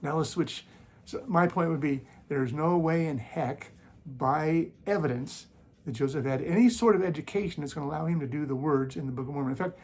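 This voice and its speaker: On his own YouTube channel, a man pushes back against critics in casual commentary, sounding sarcastic and mocking. His voice runs on the high side with a darkish tone, he talks a little fast, and he coughs now and then.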